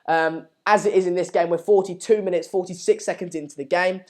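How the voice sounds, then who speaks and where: Chatty, halting young man, slightly high voice. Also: fairly even intonation. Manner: hesitant, rambling, many fillers and restarts. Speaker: live stream host. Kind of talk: casual live-stream chat reading viewer comments.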